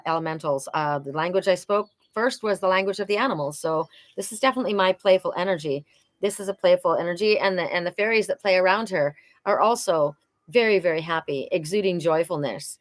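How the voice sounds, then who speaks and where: A woman giving a casual, emotional oracle card reading on a livestream, talking warmly about fairies and her own message. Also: fairly low pitch, dry recording. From Welsh heritage. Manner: chatty, emotional, spiritual, prone to laughing.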